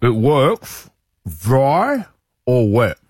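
A man's voice: medium pitch, very animated, extremely slow, a little mellow, breathy edge, dry recording, studio quality. A man co-hosting breakfast radio, eager and competitive. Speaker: radio co-host.

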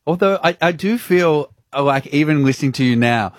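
A man with an Australian accent co-hosting a radio show, asking jokey, animated questions. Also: a little high, a little fast, dry recording. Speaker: radio co-host. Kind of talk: radio interview.

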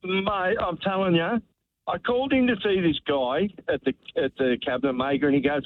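A man's voice: a little high, moderate pace. An Australian man calling a talkback radio show, telling a heartfelt story in a rambling way that repeats words. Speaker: radio caller. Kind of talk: emotional talkback call. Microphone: telephone. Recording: tinny phone line, dry.

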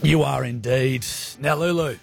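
A man's voice: medium pitch, measured pace, creaky, soft background music. A man with an Australian accent, a radio host rambling through a story in casual, crude, self-deprecating banter. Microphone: studio microphone.

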